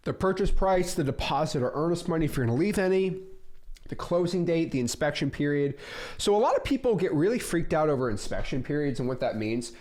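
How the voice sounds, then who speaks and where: A man's voice: a little high, expressive, fairly quick, a little mellow. A man coaching real estate wholesaling, talking energetically and acting out both sides of sales calls. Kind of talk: instructional talk with role-played calls.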